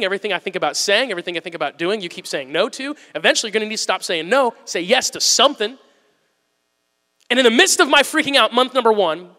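A man preaching a sermon as pastor, telling a story with lively swings from loud excitement to hushed, earnest asides. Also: high voice. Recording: long hall reverb.

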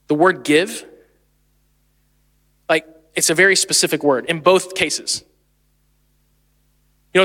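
A man in his late thirties, the lead pastor, preaching a sermon in a chatty, animated way and laughing easily. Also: high-pitched, in a large hall. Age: 30s.

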